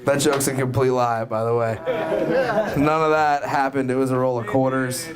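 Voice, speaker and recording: A young man from Florida doing a rambling, profane stand-up set, building to loud punchlines. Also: mid-range voice, fairly even intonation, normal speed. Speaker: stand-up comedian. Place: comedy club with live audience. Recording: crowd noise from live club. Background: crowd laughing.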